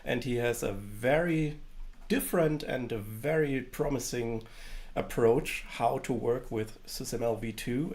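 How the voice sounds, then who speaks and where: A man hosting a podcast, introducing his guest in a relaxed way with frequent hesitations. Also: mid-range voice, gravelly. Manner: unhurried, with hesitations. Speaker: podcast host.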